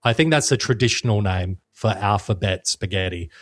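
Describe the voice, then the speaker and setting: A man's voice: lowish voice, moderate pace, no room sound. Jokey Australian man, dry close sound. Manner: rambling, jokey, swears casually. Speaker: podcast co-host. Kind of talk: casual chat.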